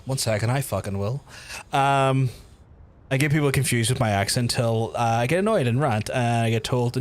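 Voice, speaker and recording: Brief: Belfast male streamer, mid-pitch, loose and animated, swears a lot, quick halting restarts. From Northern Ireland. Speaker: livestream host. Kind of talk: casual chat with livestream viewers.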